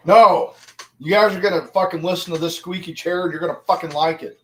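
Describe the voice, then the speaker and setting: A man's voice: fairly high pitch, steady tone, fast talker, slight background noise. Foul-mouthed, rambling man streamer. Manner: profane, swears constantly; rambling, addresses viewers directly. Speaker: live streamer. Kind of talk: casual livestream chat.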